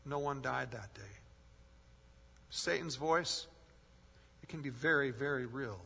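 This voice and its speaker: Bright-voiced man preaching in a reverberant hall. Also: medium pitch, measured pace, creaky, husky. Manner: earnest preaching, rising loud when retelling a story. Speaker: pastor. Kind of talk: sermon.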